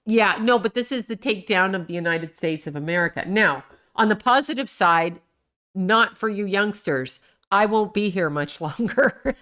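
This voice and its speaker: A woman's voice: lowish voice, a bit bright. A middle-aged woman hosting her own livestream, ranting bluntly with profanity, rambling from point to point and laughing often. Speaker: livestream host. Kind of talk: casual livestream rant.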